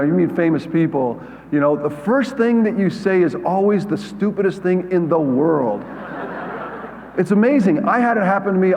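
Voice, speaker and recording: A man in his sixties from the United States, giving a conference keynote as a halting, self-deprecating storyteller with many fillers and restarts. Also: fairly high pitch, slight background noise. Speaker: keynote speaker. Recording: muffled sound with long hall reverb.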